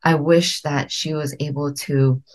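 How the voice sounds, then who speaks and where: A middle-aged woman hosting a podcast, giving earnest, gentle coaching and slowing down to stress key words. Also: deep voice, fairly even intonation. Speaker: podcast host.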